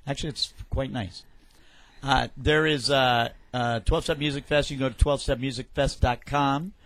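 A man's voice: medium pitch, steady tone, moderate pace, a bit bright, no room sound. Joking male recovery-show co-host. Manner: jokey, stumbles over plugs. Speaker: podcast co-host. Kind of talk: casual radio chat.

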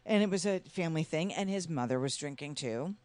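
A woman's voice: low voice, lively intonation, a little fast, a little mellow, no room sound. Woman telling a story with laughter. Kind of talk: casual recovery conversation.

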